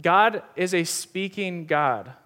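A man's voice: high-pitched, expressive, slow, pushed and bright. A young adult man preaching a sermon to a room, earnest and emphatic, repeating key lines for stress. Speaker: pastor. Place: church hall with audience.

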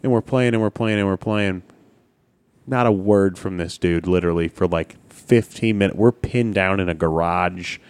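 A man co-hosting a podcast, telling gaming stories in animated casual chat, swearing freely. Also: sits low, moderate pace, clean tone, no room sound. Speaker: podcast co-host.

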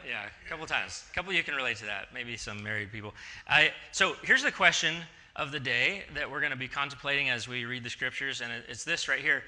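A man in his forties preaches from the front of a church in an easy, chatty way. His tone is very bright and forceful, and he slips into the voices of people in his stories. His pitch sits in the middle range for a man. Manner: chatty storytelling, acting out dialogue. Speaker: pastor. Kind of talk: casual conversational sermon. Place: church sanctuary.

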